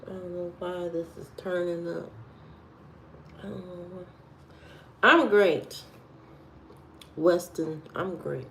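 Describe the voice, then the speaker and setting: A woman hosting a casual livestream, reading out and answering viewers' comments, keeping her voice low. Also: slow, pauses often, a bit bright, a little hiss or hum, rough recording. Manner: reads and answers chat comments aloud, lowered voice. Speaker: livestream host.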